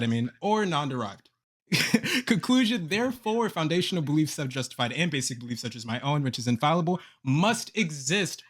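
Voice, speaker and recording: A man's voice: fairly high pitch, fairly bright tone. A man in an online debate, mock-polite, reading out numbered premises and chuckling between them. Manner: mock-polite, reads premises aloud with laughs. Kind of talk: online debate, reciting a formal argument.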